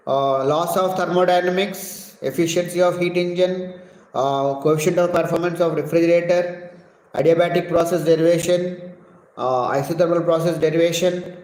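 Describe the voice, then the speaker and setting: Physics teacher, male, Telugu accent, fairly high voice, answers viewer questions live, echoey hall sound. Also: darkish tone. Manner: reads viewer questions aloud and answers them. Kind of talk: live-stream Q&A. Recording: echoey room with long reverb.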